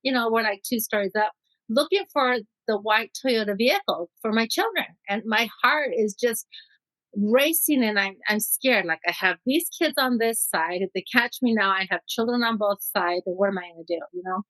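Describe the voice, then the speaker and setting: Middle-aged woman from Mexico, interview guest, lively first-person storyteller, slightly high voice, dry close sound. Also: normal speed, dry recording, low-quality recording. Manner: vivid storyteller who acts out quotes.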